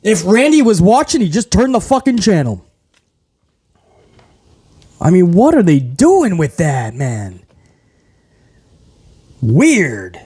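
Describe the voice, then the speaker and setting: A man hosting his own wrestling review show, ranting in a casual, profane, animated way and mocking what he saw with quick impressions. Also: high voice, breathy edge. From grew up in housing projects.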